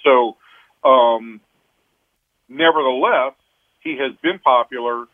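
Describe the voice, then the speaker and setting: In a radio interview by phone, a man who reports on baseball breaks down a player's game, frequently starting his sentences over. He speaks slowly at a medium pitch, and the line sounds tinny.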